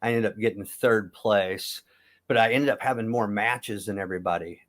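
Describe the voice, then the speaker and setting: A man's voice: on the low side, normal speed. A middle-aged man from the United States, a former wrestler, telling stories in a casual interview, rambling and correcting himself as he goes. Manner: rambling, self-correcting, chuckles at his own stories. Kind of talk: casual storytelling.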